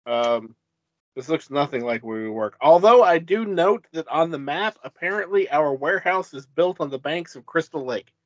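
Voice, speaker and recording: Brief: male co-host, easygoing, somewhat high voice, dry lo-fi sound. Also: animated, normal speed, no room sound. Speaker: podcast co-host. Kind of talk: casual chat.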